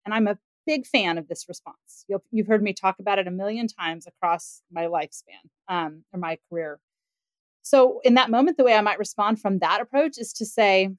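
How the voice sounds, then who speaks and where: Animated woman, dry close podcast sound. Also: mid-range voice, moderate pace, no echo. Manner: animated, acts out parent and child quotes. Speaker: parenting expert. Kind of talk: casual conversational podcast discussion.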